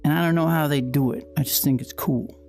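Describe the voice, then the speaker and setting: A woman's voice: deep voice, fairly even intonation, a little fast, darkish tone, soft background music. A woman hosting a casual livestream at home while playing VR, rambling and playful with frequent restarts. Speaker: livestream host.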